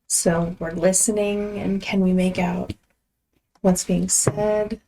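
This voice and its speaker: A woman playing a tabletop game, asking quick questions about what her character can do. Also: mid-range voice, steady tone, gravelly, dark tone, slight background noise. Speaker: player. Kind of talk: casual tabletop play.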